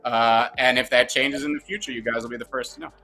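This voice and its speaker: Bright-voiced man co-hosting a chat show. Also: mid-range voice, steady tone, fast talker, soft background music. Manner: playful, jokey, explains at length. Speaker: co-host. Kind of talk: casual podcast chat.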